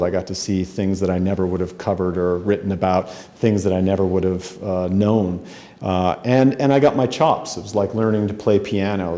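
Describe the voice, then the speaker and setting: A middle-aged author from Spokane giving a conference talk, telling self-deprecating stories in a conversational way with frequent ums and restarts. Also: male voice, sits low, warm tone. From Spokane, Washington, USA. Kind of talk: anecdotal storytelling speech. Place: hotel conference room.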